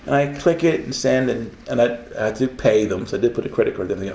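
Talking fast with vocal fry and few pauses, a mid-range-voiced man who self-publishes Christian books tells a casual, animated story. He laughs and acts out the voices he heard, and the recording has roomy echo and faint background noise.

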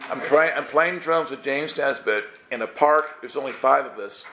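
Bright-voiced man telling a funny story. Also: mid-range voice, moderate pace, a little hiss or hum. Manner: animated, chuckling, acts out his own thoughts. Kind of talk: humorous personal storytelling to a group.

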